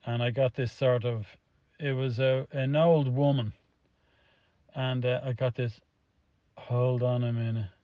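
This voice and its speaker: Middle-aged Irish man, mid-pitched, heavy swearing, loose anecdotal delivery, dull lo-fi clip. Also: fairly even intonation, measured pace, long pauses, no echo. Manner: swears constantly, rambling, vivid retelling. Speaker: storyteller in a played clip. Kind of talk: casual spoken anecdote.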